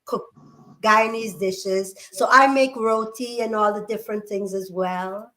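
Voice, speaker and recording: A woman's voice: mid-range voice, steady tone, a little slow, pushed and bright, poor audio. A woman panel guest in a casual chat, curious and explaining things.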